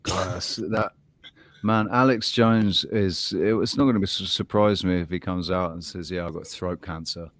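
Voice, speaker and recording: A man's voice: sits low, steady tone, normal speed, fairly bright tone, dry recording. A man co-hosting a casual chat, agreeable and loose in the way he talks. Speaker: co-host.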